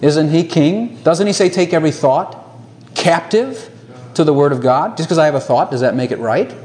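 Animated laughing preacher man. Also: fairly high pitch, normal speed. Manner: animated, laughing often, rhetorical questions. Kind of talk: sermon.

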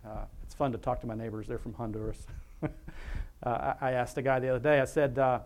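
A man's voice: medium pitch, little pitch movement, fast, darkish tone. Rambling, chuckling man preaching informally. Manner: rambling, conversational, chuckles often. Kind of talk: informal sermon.

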